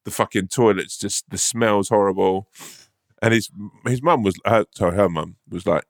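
Low, dry-voiced man telling a story. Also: normal speed, gravelly, no room sound. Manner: sweary, laughing, animated anecdote-telling. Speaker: podcast co-host. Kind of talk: casual storytelling.

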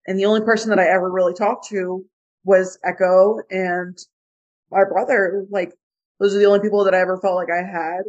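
A woman's voice: medium pitch, flat delivery, fairly quick, darkish tone. A woman in her twenties co-hosting a podcast, speaking bluntly and frankly about her past. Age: 20s. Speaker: podcast co-host. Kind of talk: candid personal podcast chat. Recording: dull lo-fi sound.

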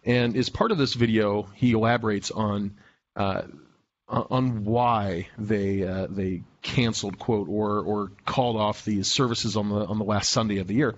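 A man's voice: lowish voice, steady tone, unhurried. A man from Nebraska co-hosting a podcast, explaining things hesitantly with many fillers and restarts. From Lincoln, Nebraska. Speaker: podcast co-host. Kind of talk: casual podcast discussion. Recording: dull lo-fi sound.

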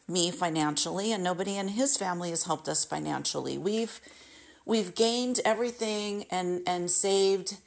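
A woman vents to the camera in an indignant personal rant. Her voice sits at an ordinary middle pitch, and she speaks in frustrated bursts, now and then acting out sharp retorts. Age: adult, married. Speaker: vlogger venting about a masseuse.

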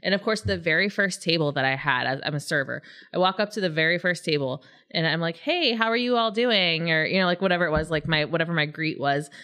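A woman's voice: deep voice, quick pace, hardly any pauses, pushed and bright. A woman producer in casual podcast chat, telling stories and laughing often. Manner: chatty storyteller, laughs often.

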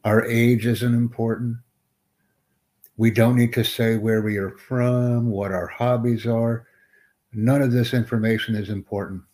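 Man, live stream host, interview coach, slow deliberate delivery, stern and corrective. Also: medium pitch, level tone, a little mellow.

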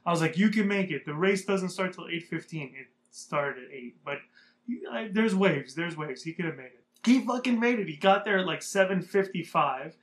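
Profane, rambling young man with a higher voice. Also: animated, normal speed. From Southern California. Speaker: vlogger. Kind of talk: casual storytelling.

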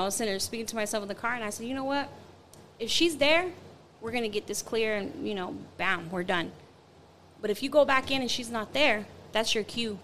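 A woman's voice: on the high side, a little hiss or hum. A woman telling a personal story in casual chat, acting out the quotes with lots of fillers. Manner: animated, acts out quotes, many fillers.

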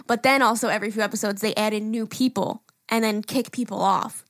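A young woman co-hosting a casual podcast, animated, laughing often and swearing freely. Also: mid-range voice, a little fast, dry recording, studio quality. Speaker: podcast co-host, daughter-in-law. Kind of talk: casual chat.

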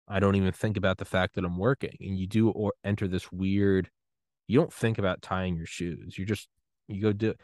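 A man hosting his own podcast, delivering a rambling, profane solo rant that gets animated when he is riled up. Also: deep voice, no echo, clean studio sound. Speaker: podcast host.

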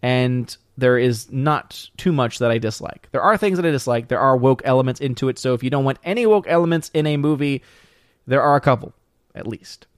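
A man's voice: mid-range voice, fairly quick, smooth, no room sound, clean studio sound. A man hosting a casual livestream who reads viewer comments aloud and rambles with frequent restarts. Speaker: livestream host reading chat.

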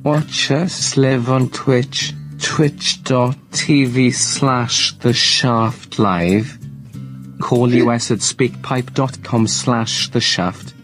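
A synthetic male text-to-speech voice reading a podcast outro in a flat, depressed-sounding monotone. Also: mid-range voice, drawn-out words, faint music behind.

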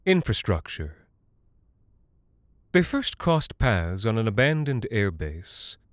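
A man narrating a dark literary story in a measured, deadpan way. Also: medium pitch, no echo, clean studio sound.

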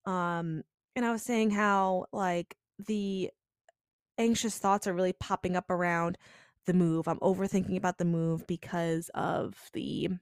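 A woman's voice: fairly low pitch, steady tone, unhurried, smooth, no echo, clean studio sound. A young woman hosting a podcast, telling a personal story in a chatty, confessional way, full of "like" and "you know.". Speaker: podcast host.

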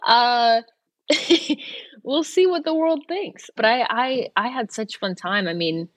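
A woman's voice: on the high side, slow pace, no room sound. A young woman guest on a talk show, chatting casually with many filler words and easy laughs. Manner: chatty, lots of "like" fillers and restarts, laughs easily. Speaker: actor guest.

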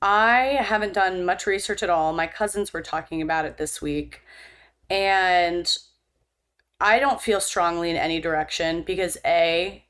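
A woman's voice: fairly low pitch, a little slow, fairly bright tone, smooth. A young woman co-hosting a podcast, chatting casually in a wry, rambling, self-deprecating way with casual swearing. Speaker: podcast co-host. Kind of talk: casual chat.

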